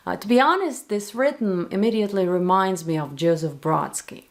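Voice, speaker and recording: A woman with a Russian accent, a native Russian speaker, teaching the language to viewers slowly and clearly, with playful spoken examples. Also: medium pitch, lively intonation. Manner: slow, clear, playful demonstrations. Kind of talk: explaining to viewers.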